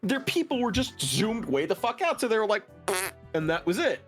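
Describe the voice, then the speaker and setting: A streamer chatting casually during a gaming stream, ranting in an animated way with plenty of swearing. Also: mid-range voice, moderate pace, faint music behind. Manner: animated, profane ranting with frequent laughter. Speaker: streamer and co-host.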